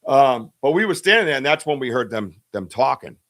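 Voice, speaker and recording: A man's voice: mid-range voice, sing-song, a little fast, fairly bright tone. A man hosting a podcast, telling a story in a casual, rambling way with lots of fillers and restarts. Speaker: podcast host. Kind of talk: casual storytelling on a live stream.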